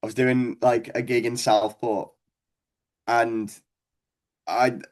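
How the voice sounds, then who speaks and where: A man's voice: medium pitch, level tone, takes it slowly. A young man with a Scouse accent, a stand-up comedian guest telling rambling, sweary stories and laughing along. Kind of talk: casual storytelling chat.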